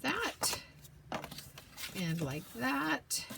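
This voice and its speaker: A woman hosting a paper-craft tutorial, chatting to herself as she works, sometimes whispering, her voice going hoarse. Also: high-pitched, big pitch swings, background noise. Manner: slow, chatty, talks to herself while working, drops to whispers. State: losing her voice, clearing throat.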